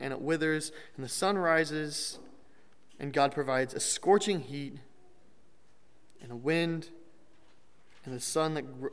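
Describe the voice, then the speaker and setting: Young man, sermon, casual and joking, fairly high voice, long reverb of a large hall. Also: smooth. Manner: conversational, with restarts and light humor. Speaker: preacher.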